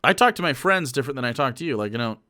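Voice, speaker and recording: A man streaming casual commentary into a microphone, loose and profane, swinging between muttered asides and loud rants. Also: mid-range voice, lively intonation, very fast.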